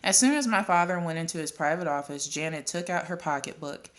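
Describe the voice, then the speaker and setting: A woman reading a children's novel aloud at a steady pace, with occasional coughs and restarts. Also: low-pitched, brisk. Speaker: audiobook reader.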